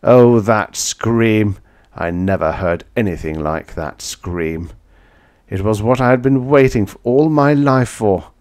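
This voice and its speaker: A man's voice: fairly low pitch, a little slow, a little mellow. A man narrating a vintage science fiction audiobook in the first person, with dramatic, intense storytelling.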